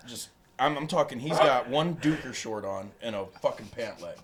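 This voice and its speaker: A man in casual podcast chat, a profane, animated storyteller. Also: mid-range voice, normal speed, a little hiss or hum.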